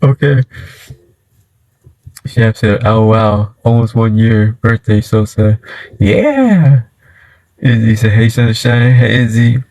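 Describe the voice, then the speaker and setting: A man's voice: fairly low pitch, level tone, slow, a little mellow, dry recording, poor audio. Laid-back slangy man on a livestream. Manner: slangy and laid-back, lots of "you feel me". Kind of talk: casual livestream chat and storytelling. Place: inside his car.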